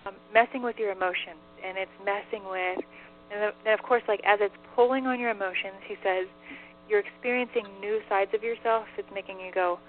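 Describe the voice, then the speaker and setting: A woman's voice: medium pitch, fairly even intonation, fairly quick. A woman talking as a medium, in casual chat full of fillers and "like", relaying answers. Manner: chatty, many fillers and "like". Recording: tinny phone line with faint hiss.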